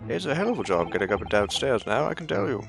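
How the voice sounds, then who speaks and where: A man's voice: mid-range voice, very animated, fast, vocal fry. A man playing a blustery old English soldier. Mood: genial. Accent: put-on posh English. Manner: hearty, plummy and blustering.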